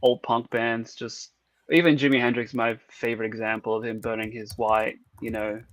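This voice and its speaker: A man's voice: mid-range voice, little pitch movement, moderate pace, fairly bright tone. A man with an Australian accent, a musician guest, chatting eagerly with lots of fillers. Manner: enthusiastic, filler-heavy. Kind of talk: casual chat.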